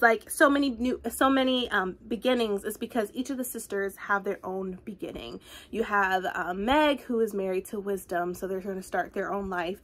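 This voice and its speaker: Chatting casually on her vlog, a woman with a medium-pitched voice reviews a book. She's a book vlogger who rambles along with plenty of fillers and lively side comments.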